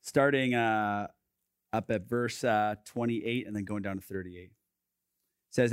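A man in his thirties preaching as a youth pastor, casual and lively with lots of fillers, going soft and quiet when he reads scripture. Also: fairly low pitch, normal speed, no room sound, clean studio sound. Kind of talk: sermon. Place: youth gathering.

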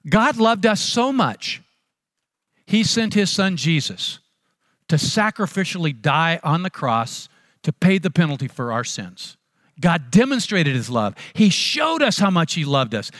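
Male pastor, high voice, dry close sound; chatty, storytelling sermon delivery. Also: very animated, unhurried, fairly bright tone, no room sound. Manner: conversational storytelling, repeats words.

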